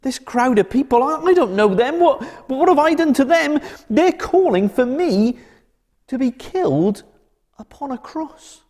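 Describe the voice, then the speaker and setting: A man's voice: extremely high pitch, animated, measured pace, a little mellow, big-room sound, pitched above the performer's own voice, heavily acted. A man voicing a frightened male prisoner in a cell, muttering anxiously to himself. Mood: fearful.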